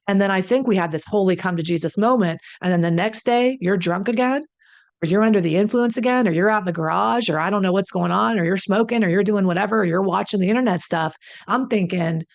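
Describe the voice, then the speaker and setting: A woman addiction consultant talking conversationally to her audience, often clearing her throat, her voice a little croaky. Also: mid-range voice, fairly quick. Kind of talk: solo talk to camera.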